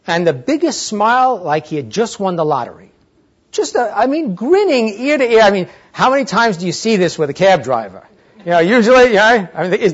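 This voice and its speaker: A man giving a motivational talk to a live audience, telling a story in a chatty, animated way. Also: high voice, breathy edge. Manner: animated, chatty, acts out dialogue. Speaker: motivational speaker. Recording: dull lo-fi recording.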